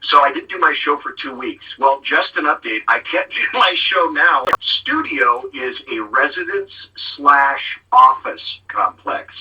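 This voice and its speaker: A man's voice: fairly high pitch, lively intonation, measured pace, few pauses, slightly rough, far from the mic, lo-fi sound. A middle-aged man hosting a casual talk show, rambling through stories and acting out what people said. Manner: rambling storyteller who acts out quotes. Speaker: show host.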